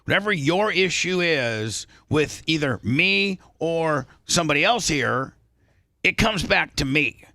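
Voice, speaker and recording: A man's voice: on the high side, expressive, unhurried, bright, forceful tone, dry recording, studio quality. A male radio show host lecturing a co-host on air, defensive and full of restarts.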